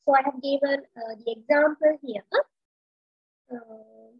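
A woman teaching literature in an online video-call lecture, talking slowly with many fillers and restarts. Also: high-pitched, steady tone, dry recording. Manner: slow, hesitant with many fillers. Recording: dull lo-fi video call audio.

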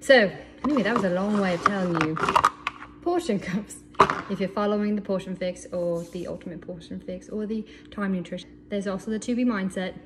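A woman's voice: mid-range voice, brisk. A woman casually showing meal prep tools in her home kitchen, chatty and enthusiastic with playful asides. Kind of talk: casual kitchen demo video. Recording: loud background noise.

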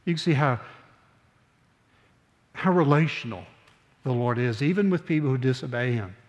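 Older pastor preaching in a reverberant sanctuary. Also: male voice, mid-range voice, animated, dull audio. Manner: earnest, slows down on key phrases, conversational asides. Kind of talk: sermon. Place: church sanctuary.

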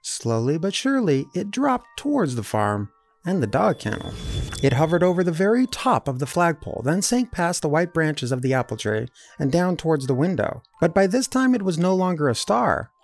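Animated man reading a children's storybook. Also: a little high, moderate pace, faint music behind. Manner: lively, animated character voices. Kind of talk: storybook read-aloud.

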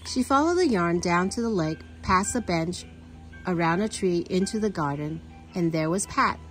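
A woman reading a children's picture book aloud, with a steady storytelling manner. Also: fairly low pitch, normal speed, soft background music, poor audio.

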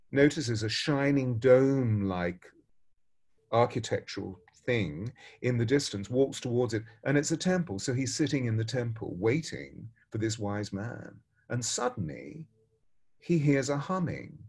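Expressive man telling a spiritual parable. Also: mid-range voice, breathy edge. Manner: expressive, dramatic, shifting pace and loudness. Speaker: spiritual teacher. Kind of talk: storytelling parable and spiritual talk.

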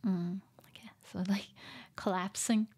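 A woman teaching vocabulary in a casual livestream lesson, softly mixing Japanese and English and laughing often. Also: medium pitch, steady tone, measured pace, slightly rough.

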